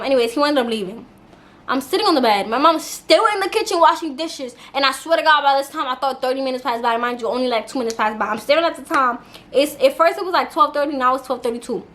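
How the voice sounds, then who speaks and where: This high-pitched young YouTuber relates a storytime for her channel in an animated, casual way. She laughs as she talks, with frequent slang and swearing.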